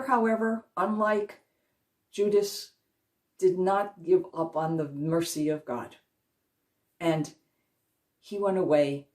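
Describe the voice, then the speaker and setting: A woman giving a Christian devotional talk, retelling a Bible story in an earnest way and slowing down to stress key moments. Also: on the low side, a little mellow. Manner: earnest retelling, slows for emphasis. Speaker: Christian speaker. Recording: voice a little distant from the mic.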